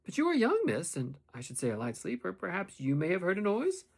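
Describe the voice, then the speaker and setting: A man's voice: a little high, normal speed, slightly rough, exaggerated voice. A man reading an audiobook, voicing a composed, secretive middle-aged woman servant who talks coolly and politely. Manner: calm, even, coolly polite. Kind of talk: audiobook character voice.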